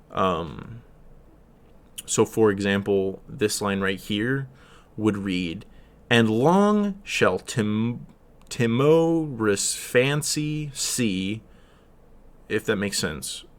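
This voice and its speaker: A teenage boy works through a literature study text, reading verse slowly and explaining it in plain talk. His pitch moves a lot, rising and falling through each line, and he often stops, says um, and corrects himself. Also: fairly bright tone. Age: teens. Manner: halting, with frequent fillers and self-corrections; slow sing-song delivery on verse lines. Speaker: student reader.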